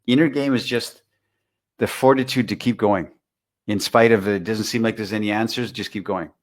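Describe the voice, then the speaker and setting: A man's voice: on the low side, fairly even intonation, moderate pace. A man being interviewed about dating, talking casually, with many restarts and repeated words while he tells stories and gives advice. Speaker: interview guest, dating author.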